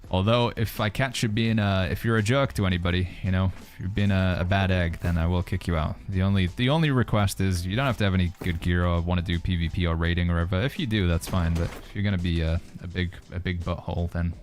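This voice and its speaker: A man's voice: low voice, quick pace, few pauses. A man from the United Kingdom with a British accent that leans American, chatting casually on a game livestream, reading out and answering chat. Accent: British, mixed with American. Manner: relaxed, reads chat messages aloud and answers them. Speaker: streamer.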